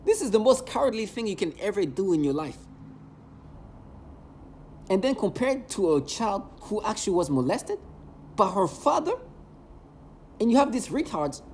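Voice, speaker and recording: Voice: mid-range voice, a little mellow, slight background noise. A vlogger ranting in an agitated, emotional monologue, hurling repeated insults.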